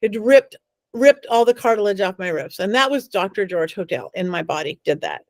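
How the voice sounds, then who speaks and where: A middle-aged woman, a psychic medium appearing as an interview guest, tells dramatic stories and acts out the voices of the people she quotes. Her mid-range voice is animated and moves at a moderate pace, with no room sound.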